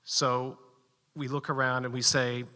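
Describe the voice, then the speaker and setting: Performing live at a story slam, a man tells a personal story with animation, building suspense through short, punchy sentences. His mid-range voice moves a little slowly, and the sound is that of a big room.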